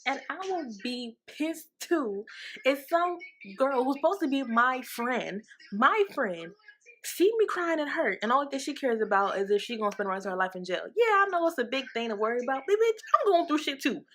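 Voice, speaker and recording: A woman casually recapping a TV episode in a candid, profane and animated way. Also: high voice, moderate pace. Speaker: TV show recap vlogger.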